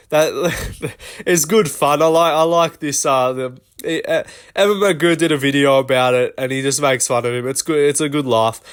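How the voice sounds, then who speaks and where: Male host, casual commentary vlog; rambling, profane delivery, slightly raised pitch. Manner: rambling and profane, many fillers.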